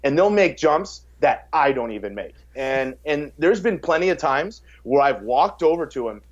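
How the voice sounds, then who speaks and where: A fitness coach on a podcast, this man talks energetically and casually about coaching in a fairly high voice with big pitch swings and a moderate pace. Sentence openings often come with repeated words. He acts out quotes by raising his voice, and the audio is slightly dull.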